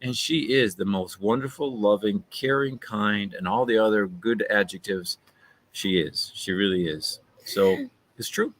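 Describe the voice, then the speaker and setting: A man co-hosting a casual live-stream podcast, chatty and quick to laugh. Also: lowish voice. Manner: animated, laughs often, chatty asides. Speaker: podcast co-host.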